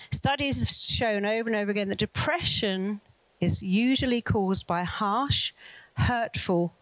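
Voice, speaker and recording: A woman therapist speaking to an audience, earnest, slowing down to repeat affirmations. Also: mid-range voice, no room sound, rough recording. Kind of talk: speaking to an audience, guiding an exercise.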